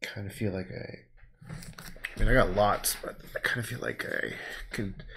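A man's voice: fairly low pitch, steady tone, normal speed, a bit bright, slight background noise. A man talking casually on a livestream as he paints, rambling and laid-back, swearing now and then. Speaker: painter streaming his work.

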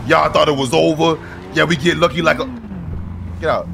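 A young man streaming a role-play driving game, loud and excitable, swearing freely and shouting at other players. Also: fairly high pitch, a little fast, creaky, noisy background. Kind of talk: loud gaming commentary. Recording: game music playing behind.

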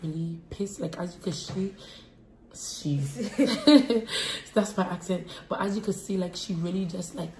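A woman's voice: lowish voice, unhurried, darkish tone. A young woman co-hosting a prank vlog, teasing and laughing through casual banter. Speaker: vlog co-host.

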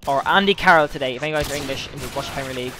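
A young man giving casual gameplay commentary, excitable and swearing often, with sudden outbursts. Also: medium pitch, very fast, slight background noise. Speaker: gaming channel host.

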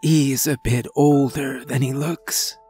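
A man doing a weary old farmer with a slow drawl. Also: medium pitch, fairly even intonation, warm tone, breathy edge, faint music behind. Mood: grim, weary. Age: older. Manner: slow drawling rural speech.

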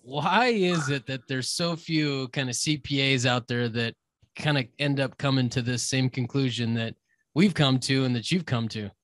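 A man co-hosting a podcast, asking relaxed, conversational questions full of fillers. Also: medium pitch, normal speed, dry recording, studio quality. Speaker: podcast co-host. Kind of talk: interview questions.

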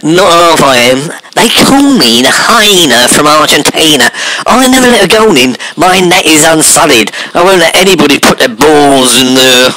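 A man voicing a slow, self-satisfied young footballer in a comedy radio pastiche. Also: fairly high pitch, animated, heavy background noise, natural voice. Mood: boastful. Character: dim, boastful young male footballer.

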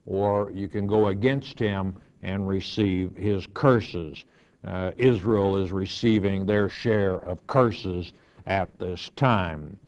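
Slow, low-voiced older pastor teaching scripture. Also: male voice. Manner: unhurried, reads scripture aloud then explains it, frequent "uh" fillers. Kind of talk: verse-by-verse Bible teaching. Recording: dull lo-fi recording.

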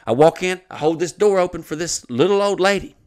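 A man's voice: high voice, brisk, clean tone. A man, hosting a comedy podcast and telling a long story, swearing freely and acting out the other people in it. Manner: profane, animated storytelling with acted-out voices. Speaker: comedian host.

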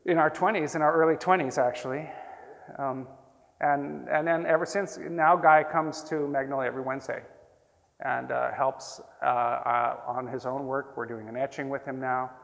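A man in his sixties, a printmaker, telling rambling, animated anecdotes to an audience. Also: medium pitch, moderate pace, vocal fry. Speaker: printmaker telling stories at a talk. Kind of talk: casual storytelling to an audience. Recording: roomy hall with long reverb.

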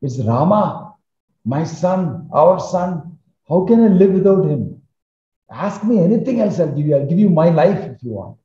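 Man putting on a desperate old king, pleading, voice shooting up; dark mellow tone, roomy muffled sound. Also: very animated, measured pace. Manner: frantic, pleading, voice climbing high. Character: distraught aging male king pleading with his wife. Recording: roomy, slightly muffled recording.

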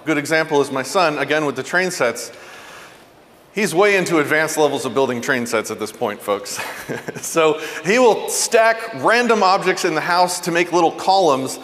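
A man giving a parenting talk, telling stories earnestly and going soft and low for tender points. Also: moderate pace, long reverb tail. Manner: earnest, animated storyteller, drops soft and low for tender moments. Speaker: parenting speaker. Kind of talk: motivational talk.

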